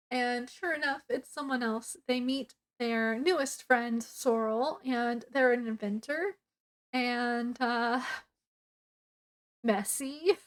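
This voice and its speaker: Slow, higher-voiced woman chatting about a book. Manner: rambling plot retelling with many fillers. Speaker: book reviewer. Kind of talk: casual book review chat.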